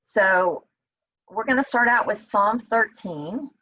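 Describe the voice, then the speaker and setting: A woman teaches a Bible study over a video call in a loose, conversational way, now and then voicing the psalmist's blunt cries. Her voice is bright and sits in a middle pitch. The sound is dry and a little dull, like call audio. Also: expressive, slow pace, dry recording.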